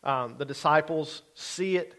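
A man's voice: on the high side, a little slow, a bit bright. A middle-aged man preaching a sermon in a conversational way, often checking in with his listeners. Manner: conversational, keeps checking in with the congregation. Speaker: pastor.

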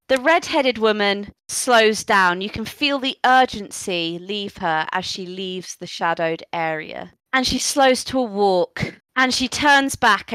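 A woman narrating a tabletop role-playing game as game master, lively and playful. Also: on the high side, clean tone, no echo, poor audio.

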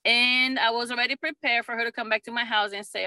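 Bright-voiced mother telling a story. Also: fairly high pitch, fast, few pauses, no echo. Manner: animated storyteller, laughs often. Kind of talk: casual conversation. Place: lives in Utah.

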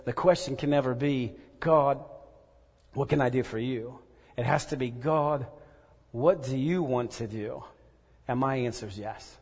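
A man preaching a sermon and telling a personal story, earnest and halting, often repeating words. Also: mid-range voice, a little mellow. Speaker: pastor. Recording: echoey hall reverb.

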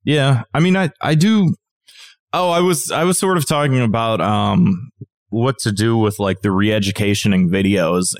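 A man's voice: lowish voice, dry recording, clean studio sound. A man co-hosting a podcast, chatting casually and ranting with plenty of swearing. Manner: profane, ranting, exasperated. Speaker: podcast co-host. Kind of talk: casual chat.

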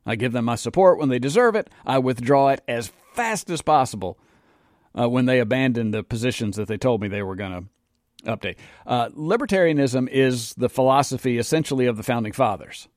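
A man's voice: medium pitch, animated, brisk, a little mellow, no room sound. A middle-aged man with a sarcastic, emphatic manner, delivering an opinionated monologue in a studio as host. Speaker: political commentary host.

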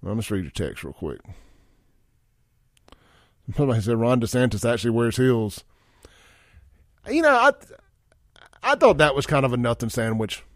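A man's voice: medium pitch, very animated, moderate pace, long pauses, dry recording, clean studio sound. A man hosting a talk radio show, giving a blunt, folksy opinion monologue and reading listener texts aloud. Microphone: studio microphone.

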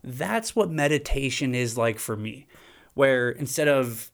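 A man's voice: mid-range voice, animated, measured pace, vocal fry, a bit bright. A man hosting a podcast, talking in a casual, conversational monologue. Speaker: podcast host.

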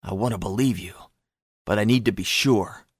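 A man voicing a cold, menacing male intelligence chief who interrogates in a quiet, measured, threatening way. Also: fairly low pitch, breathy edge, no room sound, studio quality. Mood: coldly menacing.

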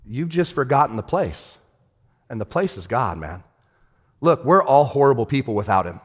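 A man pastor preaching a sermon, swinging from shouted rebukes to hushed, tender storytelling. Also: medium pitch, very animated, moderate pace. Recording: long hall reverb.

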